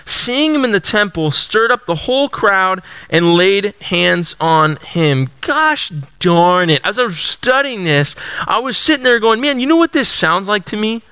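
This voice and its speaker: A young adult man preaching a sermon, telling the story in an animated, dramatic way and acting out the voices of the people in it. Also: high voice, unhurried, smooth, no echo, poor audio. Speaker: pastor.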